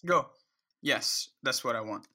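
A man co-hosting a podcast in casual chat, playful and teasing, firing off animated questions. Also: mid-range voice, unhurried. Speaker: podcast co-host.

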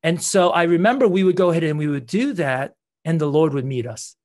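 A man's voice: a little high, a little fast. A man, a guest in an interview, telling a personal story earnestly, with frequent restarts.

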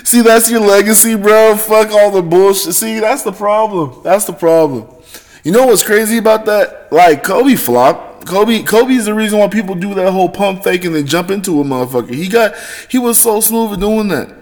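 A man hosting his own podcast, talking in a rambling, profane monologue that swings between loud excitement and low mutters. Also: normal speed. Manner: rambling, heavy swearing, self-correcting. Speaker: podcast host. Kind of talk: casual solo monologue.

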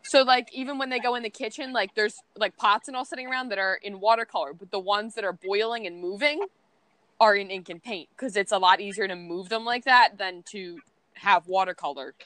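A young woman co-hosting a podcast, chatting casually and relaxed, saying "like" often. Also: medium pitch, a little fast, no room sound. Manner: relaxed, says "like" a lot. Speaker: podcast co-host. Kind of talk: casual chat.

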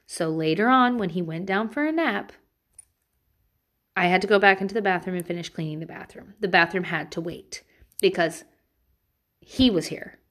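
A woman's voice: fairly low pitch, normal speed, pauses often, a bit bright. Frank mother swearing through parenting advice. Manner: candid and frank, swears freely. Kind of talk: casual personal storytelling.

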